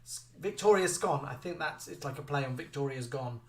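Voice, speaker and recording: A man co-hosts a casual live chat, reading viewer comments with animated energy. His voice sits a little high. He is set back from the mic in an echoey room. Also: brisk, distant mic.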